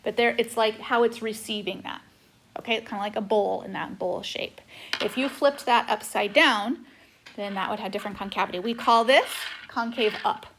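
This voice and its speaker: A woman with a fairly high voice gives a recorded math lesson, talking to her students in a loose, chatty way. She keeps checking in with "okay" as she explains. The tablet recording carries a faint hiss behind her. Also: moderate pace. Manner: chatty, says "okay" often. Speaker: math teacher. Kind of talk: recorded whiteboard lecture. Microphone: tablet microphone.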